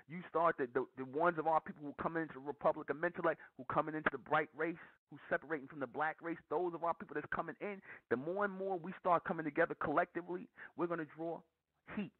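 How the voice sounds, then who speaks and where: A man's voice: on the high side, steady tone, quick pace, no echo. A man preaching in a monologue, emphatic and repeating lines for stress. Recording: dry tinny phone-like audio.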